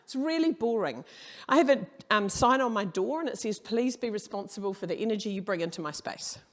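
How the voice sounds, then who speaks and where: A woman's voice: medium pitch, expressive, brisk. A middle-aged woman giving a humorous keynote talk, brash and storytelling, swearing casually. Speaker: keynote speaker. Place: conference hall.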